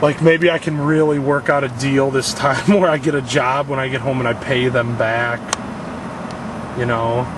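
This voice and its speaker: A man's voice: medium pitch, steady tone, moderate pace. A young man venting in a self-filmed vlog, frustrated and blaming himself, swearing often, recorded in a parking lot. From Illinois. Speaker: vlogger. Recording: distant mic with clear outdoor noise.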